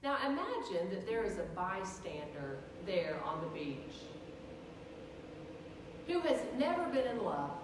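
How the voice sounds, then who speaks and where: A very animated woman pastor with a mid-range voice preaches a little slowly, sharing stories and quizzing her congregation. She's heard from far off in an echoey church sanctuary over a noisy background.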